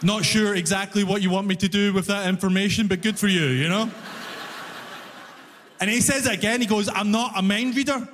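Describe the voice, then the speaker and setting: A man performing a stand-up comedy set, telling stories with animated delivery and shouted punchlines on a comedy club stage. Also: high-pitched, fairly quick, pauses often, noisy background. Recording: reverberant live room, faint ambience.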